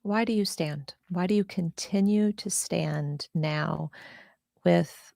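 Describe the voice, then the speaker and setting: A woman's voice: lowish voice, slow, vocal fry, warm tone, no echo, studio quality. A woman hosting an interview, asking probing questions in a conversational way. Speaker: host.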